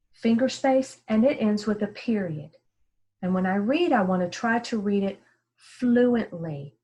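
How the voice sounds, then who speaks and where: A woman teacher giving an early reading lesson, sounding each word out slowly and clearly for young children. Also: medium pitch. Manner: slow, careful, sounding words out clearly.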